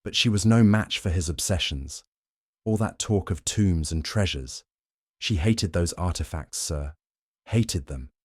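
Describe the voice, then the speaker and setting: A man's voice: sits low, measured pace, no room sound. A man voices a stern older housekeeper woman in an audiobook mystery. She speaks tersely and stiffly. The sound is close and dry.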